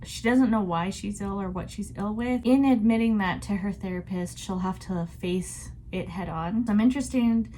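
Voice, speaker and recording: A woman talks through a book she is reading in a casual vlog. She sounds chatty and reflective, and her voice sits at an ordinary middle pitch. A faint hiss of background noise runs under her voice. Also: normal speed, hardly any pauses, warm tone. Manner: chatty and reflective, laughs often. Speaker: book vlogger.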